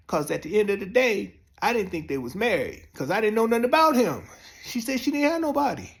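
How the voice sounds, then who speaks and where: A man telling a profane comic story, jumping up high when excited. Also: brisk, creaky. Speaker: comedian storyteller. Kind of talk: comic monologue.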